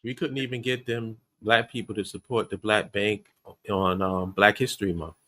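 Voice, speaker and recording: A man's voice: on the low side, fairly even intonation, moderate pace, sharp tone. A man hosting a casual conversation, talking bluntly and emphatically. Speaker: host.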